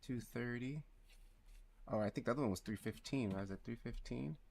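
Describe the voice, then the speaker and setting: A man streaming live as a 3D artist, speaking low and quietly, thinking aloud and muttering numbers to himself as he works. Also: brisk, creaky. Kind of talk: thinking aloud while working.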